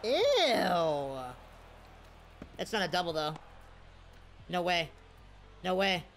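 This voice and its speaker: A young man giving live commentary over his own gameplay, swinging from quiet mutters to sudden shouts. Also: high voice, sing-song, very slow, creaky, a little hiss or hum. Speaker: gaming video creator.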